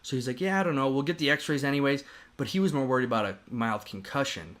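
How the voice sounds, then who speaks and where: Guy on a podcast telling a story, swears a lot, keeps restarting, normal pitch. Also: fast talker. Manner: animated, profane, rambling with restarts. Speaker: podcast host. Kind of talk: casual storytelling chat.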